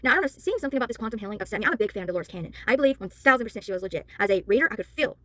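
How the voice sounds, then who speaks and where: A tired, worn-out woman who works as a spiritual worker and tarot reader, ranting to camera in a heated, exasperated way and apologizing for yelling. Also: medium pitch, animated, rapid-fire, dry recording.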